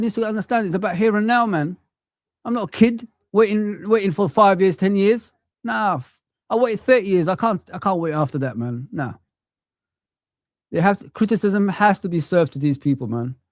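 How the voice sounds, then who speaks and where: A man's voice: sits high, no echo, studio quality. Impassioned ranting football streamer, man. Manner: impassioned ranting, sweary, frequent "man" tags. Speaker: football watch-along streamer. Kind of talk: live-stream football rant.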